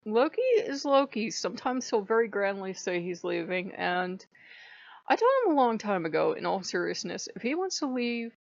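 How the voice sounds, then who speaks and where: A woman's voice: mid-range voice, big pitch swings, moderate pace, gravelly, no room sound. Chatty woman vlogger, lo-fi and dry. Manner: chatty, laughs often. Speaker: channel host. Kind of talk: casual storytelling vlog.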